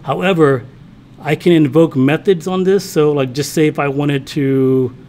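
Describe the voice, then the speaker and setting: College instructor, man, casual lecture, live coding, somewhat high voice. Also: steady tone, a little slow, darkish tone. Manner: casual, thinks aloud while typing, talks to himself; checks in with the class often. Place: classroom with students.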